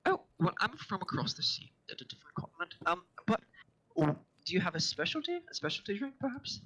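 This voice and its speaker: Guy doing a polite fancy tiefling, kinda formal, higher voice, dry mic. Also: very animated, quick pace, bright, forceful tone, no room sound, exaggerated voice, poor audio. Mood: courteous. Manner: formal, courteous. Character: polite, refined male tiefling traveler.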